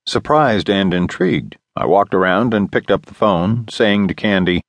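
A man's voice: sits low, animated, normal speed, hardly any pauses, no echo. A man narrating an audiobook in the first person, in a wry storytelling manner. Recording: dry studio booth.

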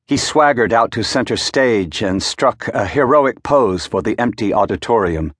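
A man narrating an audiobook in a measured, wry storytelling manner, recorded in a studio. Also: fairly low pitch, animated, husky, no echo. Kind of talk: scripted narration.

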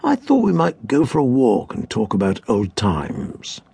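A man's voice: mid-range voice, wildly swooping pitch, unhurried, gravelly, warm tone, husky, no echo, full character voice. A man voicing a chummy, wheedling male tiger who claims to be a distant cousin in a children's story. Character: smooth-talking scheming male tiger cousin. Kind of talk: storybook character voice.

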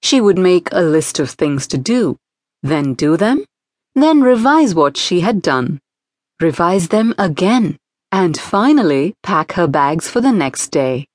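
Slow, expressive woman storyteller. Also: lowish voice, dry recording. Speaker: audiobook narrator. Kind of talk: children's storybook narration.

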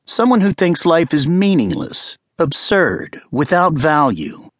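Narrator doing a cool, detached lecturing author. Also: male voice, fairly high pitch, very animated, unhurried, dry recording, clean studio sound, voice pushed up. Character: cool, cerebral male author lecturing on a killer.

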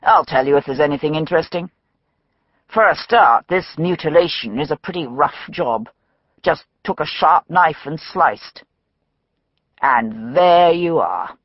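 A woman voicing a brisk, cheerful middle-aged male police surgeon, wry and matter-of-fact, for an audiobook. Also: low-pitched, lively intonation, dry recording, highs cut off.

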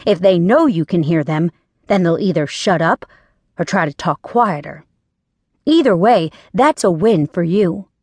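A woman voicing a flat, blunt ex-cop man. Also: lowish voice, a little slow, husky, dry recording. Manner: flat, clipped, unemotional. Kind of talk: audiobook narration.

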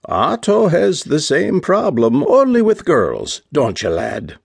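A teasing, easygoing Irishman with an Irish accent, as a male narrator plays him. Low and gravelly, unhurried, with a dry, close sound. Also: huge pitch swings, dry recording, full character voice. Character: handsome Irish father, teasing and warm.

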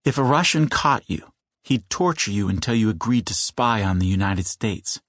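A man voicing a boastful twelve-year-old boy who shouts playful threats at his friend. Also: fairly low pitch, expressive, normal speed, dry recording, clean studio sound. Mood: eager.

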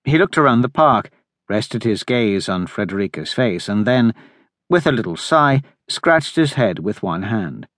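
A man narrating an audiobook in measured, steady storytelling in a recording studio. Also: lowish voice, dry recording. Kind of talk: scripted narration. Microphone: close studio mic.

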